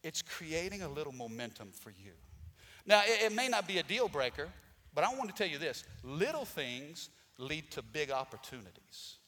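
A man's voice: a little high, sing-song, normal speed, bright, forceful tone, in a large hall. A man preaching a Sunday sermon as pastor, calling for responses from the congregation and rising to emphatic peaks. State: out of breath. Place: church sanctuary.

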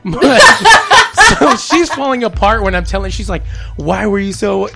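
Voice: mid-range voice, unhurried, gravelly, loud music behind the voice. A podcast host telling a story in casual chat, laughing often and acting out what they said. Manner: animated, laughs often, acts out quotes.

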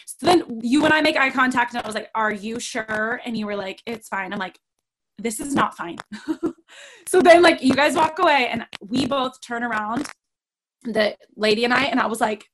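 Middle-aged female podcast host, animated casual storyteller, bright higher voice. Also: moderate pace, slight background noise, poor audio. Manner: animated, acts out quoted voices.

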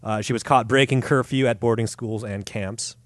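A man's voice: medium pitch, steady tone, normal speed, no echo. Man, podcast host, sarcastic storytelling, profane, dry close mic. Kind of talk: casual comedic storytelling.

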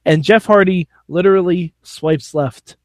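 A man co-hosting a podcast, recapping a wrestling show in casual, animated, jokey chat and laughing often. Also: sits high, unhurried, dry recording.

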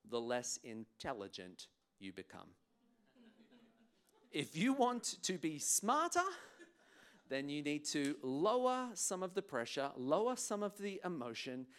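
Lively man giving a talk. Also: a little high, a little slow, clean tone. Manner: animated, playful, acts out voices. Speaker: guest speaker, clinical psychologist. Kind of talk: energetic conference talk.

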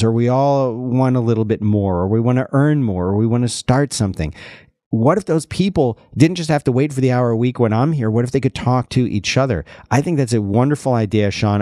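A man hosting a podcast, chatting casually in an animated way and often restarting his sentences. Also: fairly low pitch, no room sound, studio quality. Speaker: podcast host.

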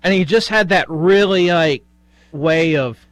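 Co-host dude, kinda high voice, stops and starts hunting for words, dry studio. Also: male voice, dry recording. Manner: halting, searches for words, storytelling. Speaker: radio show co-host. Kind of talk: casual talk radio banter. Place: radio studio.

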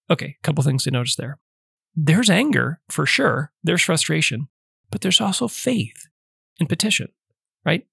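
A man hosting a podcast, calmly teaching prayer in numbered steps with a casual, conversational manner. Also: fairly high pitch, normal speed, creaky, husky, dry recording, clean studio sound. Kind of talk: casual instructional talk.

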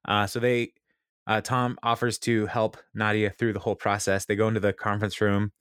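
A man with a fairly low voice talks through a TV episode in a loose, rambling way, full of fillers and little laughs. His voice sounds dry and close, with no room around it. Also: flat delivery, fairly quick, a bit bright, clean tone, no room sound. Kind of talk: casual recap of a TV episode.

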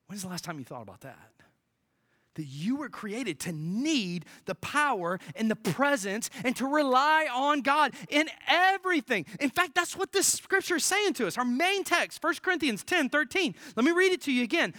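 A pastor preaching a sermon, swinging from emphatic declarations to hushed near-whispers and repeating key phrases. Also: medium pitch, expressive, a little fast, no room sound, studio quality.

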